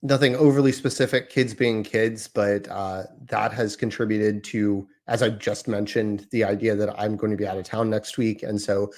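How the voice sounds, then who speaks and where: A man's voice: on the low side, level tone, moderate pace, few pauses, darkish tone. A man in his thirties hosting a casual podcast, talking in a chatty, rambling, self-deprecating way. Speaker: podcast host.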